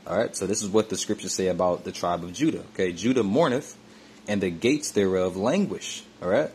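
Deep-voiced man preaching from scripture. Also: lively intonation, darkish tone, a little hiss or hum. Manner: repetitive, frequent "man, all right, okay, you see" tags; halting with many fillers and restarts. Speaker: religious teacher. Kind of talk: scripture teaching monologue.

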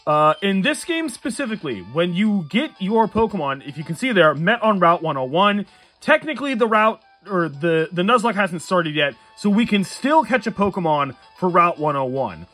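A man's voice: sits high, big pitch swings, normal speed, sharp tone, soft background music. A man giving casual let's-play commentary late at night, tired, rambling and chuckling at his own jokes. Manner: rambling, self-amused, chuckles often. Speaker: gamer playing a Nuzlocke run.

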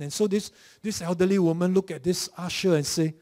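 Malaysian pastor preaching with animated storytelling. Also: male voice, sits high, fairly quick. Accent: Malaysian English. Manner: animated storytelling, acting out mocking voices. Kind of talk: sermon. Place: church.

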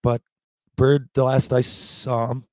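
A man's voice: medium pitch, slow pace, no room sound. Profane man in his forties telling stories. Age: 40s. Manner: profane, rambling, animated anecdotes. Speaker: podcast guest. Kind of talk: casual storytelling.

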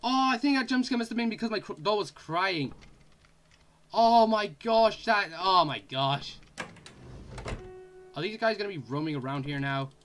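Brief: excitable gamer guy doing horror commentary, bright voice, swoops wildly up and down. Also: sits high, moderate pace, pauses often, slight background noise. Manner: excitable, yelps and screams, mild swearing. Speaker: gaming channel host. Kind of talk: let's play commentary.

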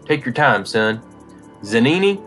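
A brisk village official, voiced by a man, runs things formally and gently firm. His voice sits a touch higher than the narration, with a faint music bed behind. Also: very animated. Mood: businesslike.

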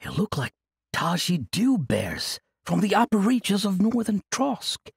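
A man's voice: on the high side, sing-song, moderate pace, husky, dry recording, clean studio sound, voice pushed up, heavily acted. A man voicing an earnest young male companion who speaks in a pleading way.

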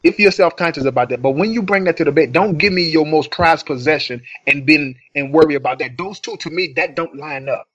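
Earnest higher-voiced man on a lo-fi podcast. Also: fairly quick, few pauses, a bit bright. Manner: earnest, emphatic. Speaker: podcast co-host. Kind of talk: casual chat. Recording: dull, dry lo-fi audio.

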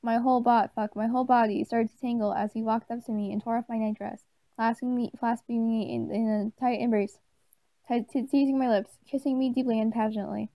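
A woman with a slightly high, mellow voice reads a story aloud in a flat, deadpan way. She trips over words and cuts in with swearing and snide asides. The sound is dry and close. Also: fairly quick, dry recording, low-quality recording. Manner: deadpan reading, stumbling and breaking off to swear and make snide asides. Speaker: channel host reading aloud. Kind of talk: mock dramatic reading of a story.

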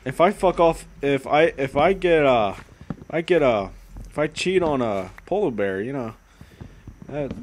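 A man giving crude gameplay commentary who swears constantly and lurches from hushed murmurs to yelling. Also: on the high side. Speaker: gaming channel host.

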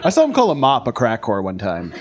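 A man doing a crude, brash stand-up comedy set on a club stage, shouting out the voices he acts out. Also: medium pitch, wildly swooping pitch, a little fast. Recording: live club recording, crowd laughter.

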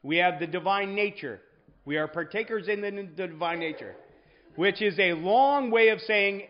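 Man, high voice, Sunday school teacher, chatty Bible lesson, keeps asking "right?", dull lo-fi sound. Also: moderate pace. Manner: conversational, checks in with "right?".

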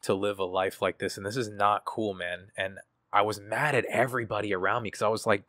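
A man's voice: fairly low pitch, steady tone, brisk, a bit bright, dry recording, clean studio sound. A man, a guest artist in an interview, talking candidly in a casual, profane and reflective way, with many fillers.

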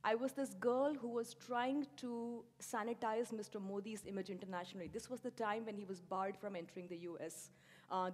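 A woman delivers a public lecture, dry and sardonic in her asides. Her voice sits in a middle register. The sound carries a long echo from a large lecture hall. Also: mid-range voice. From India.

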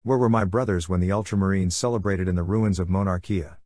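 A man's voice: sits low, steady tone, quick pace, a little mellow, no room sound, clean studio sound, lightly acted. Lorgar, a man voicing a sneering silver-tongued warlord. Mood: furious. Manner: smooth, sarcastic, flares into fury. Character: scheming silver-tongued male warlord, mocking and bitter. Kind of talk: audiobook character voice.

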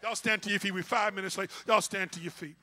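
A man preaching a sermon in a church. He moves between hushed, near-whispered pleading and shouted exclamations, calling out "glory to God" as he goes. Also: high-pitched, steady tone, fast talker. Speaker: pastor. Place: church sanctuary.

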